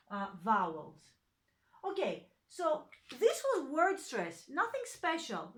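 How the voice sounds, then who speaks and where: Slow, patient woman teaching a lesson. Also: sits high, a bit bright. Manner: patient, many fillers and self-corrections. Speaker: language teacher. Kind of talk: slow, hesitant online lesson explanation.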